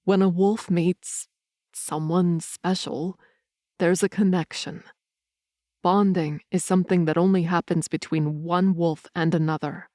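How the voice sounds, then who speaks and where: A woman voicing a protective, blunt young male werewolf in an audiobook, speaking a little lower and in an earnest, steady way. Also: no echo, studio quality, natural voice. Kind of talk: audiobook character reading.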